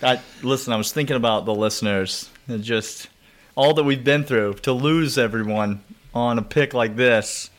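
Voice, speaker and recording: A man's voice: mid-range voice, moderate pace. A man co-hosting a sports podcast in casual chat, ribbing the others with mock outrage and wrapping up segments. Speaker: podcast co-host.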